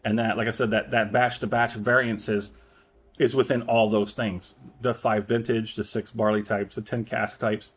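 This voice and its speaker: A man's voice: lowish voice, little pitch movement, normal speed, husky. A man reviewing a whisky in a casual, rambling way, often correcting himself and chuckling. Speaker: spirits reviewer.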